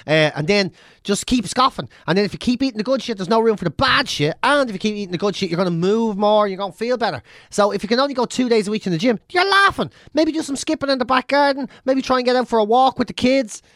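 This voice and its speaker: An Irish man co-hosting a podcast in casual chat, swearing freely and launching into animated rants. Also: very high voice, fast, dry recording, studio quality. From Ireland. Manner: swears constantly, animated rants with mimicked drum sounds. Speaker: podcast co-host.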